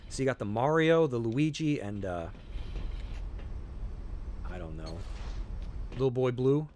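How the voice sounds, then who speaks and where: Middle-aged male streamer, casual game chat, lively swinging pitch, self-mocking and rambling. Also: measured pace. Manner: chatty, rambling, self-deprecating, cheering on the game. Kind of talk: casual gameplay commentary.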